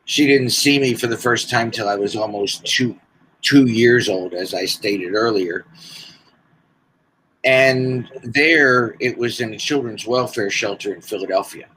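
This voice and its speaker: A man in his sixties telling his life story as a podcast guest, slow and deliberate with pauses. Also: medium pitch, sharp tone, slight background noise, low-quality recording. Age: 60s. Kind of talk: personal storytelling.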